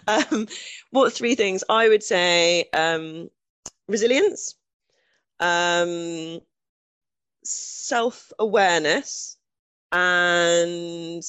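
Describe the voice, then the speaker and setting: A woman's voice: on the low side, fairly bright tone, clear, resonant tone, no echo. Chatty woman telling her story. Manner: chatty, self-deprecating, frequent restarts and laughs. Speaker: guest. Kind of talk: candid conversational storytelling.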